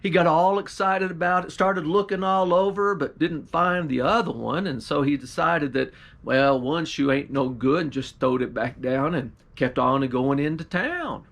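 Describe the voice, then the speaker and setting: A pastor telling a folktale in a drawling, folksy storyteller's manner, with country grammar and little voices for the characters. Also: male voice, a little high, moderate pace, creaky, fairly bright tone.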